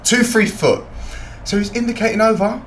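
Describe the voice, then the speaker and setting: A British man, a fighter and podcast guest, tells a street story with lively energy, swearing freely and acting out what people said. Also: sits high, moderate pace, slight background noise. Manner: swears freely, acts out quotes. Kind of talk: animated storytelling. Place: podcast studio. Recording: roomy echo.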